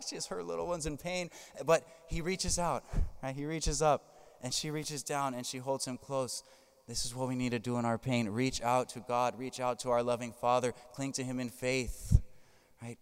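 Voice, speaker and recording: A man's voice: mid-range voice, clear, resonant tone. A man preaching as a Catholic priest, emphatic, tagging his points with "right?". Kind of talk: sermon. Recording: long hall reverb.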